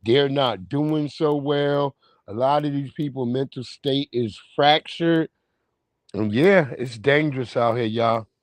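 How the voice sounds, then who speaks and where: A man hosting a livestream, reacting to clips with loud, profane, laughing banter. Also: mid-range voice, takes it slowly, no room sound. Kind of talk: casual reaction commentary.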